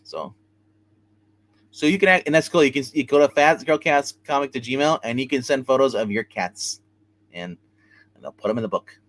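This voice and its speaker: This comic book livestream host, whose medium-pitched voice is a bit bright, talks at normal speed but leaves long pauses. He loosely retells the story in a rambling way, often restarting and filling gaps with fillers and "he's like."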